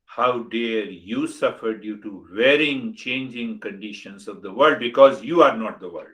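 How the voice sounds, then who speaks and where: An Indian English-accented spiritual teacher in his 60s gives a spiritual talk in a fairly low, unhurried, slightly bright voice over poor audio. He teaches emphatically and rhetorically, repeating his questions.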